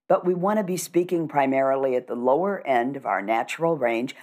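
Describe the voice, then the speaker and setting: Talking calmly in a conversational podcast interview, a middle-aged woman coach uses her low, grounded voice to teach speaking with presence. She's measured, confident and instructive, demonstrating voice techniques along the way.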